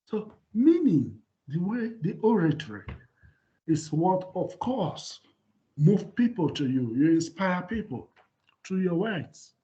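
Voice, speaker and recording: A man, a professor, giving a university lecture in an animated way and often asking his students whether they follow. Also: high-pitched, takes it slowly. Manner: animated, repeats "can you see?". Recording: dull lo-fi lecture recording.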